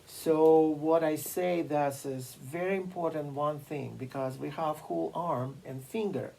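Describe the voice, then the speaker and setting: A piano teacher giving a masterclass lecture, explaining slowly and deliberately with frequent fillers and pauses. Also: mid-range voice, creaky, very noisy. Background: occasional piano playing.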